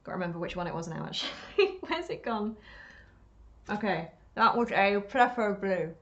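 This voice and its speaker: A woman's voice: mid-range voice, lively intonation, normal speed, a bit bright, dull audio. A woman chatting on a live stream while she paints, rambling and talking to herself, self-deprecating and laughing often.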